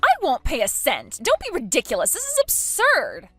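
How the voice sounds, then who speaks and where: A shrill, entitled young woman, put on by a female narrator, her voice climbing high and swinging wildly as she protests. Each line comes out whiny and outraged. Soft music plays faintly underneath. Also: huge pitch swings, a little fast, husky, no echo, heavily acted. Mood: indignant.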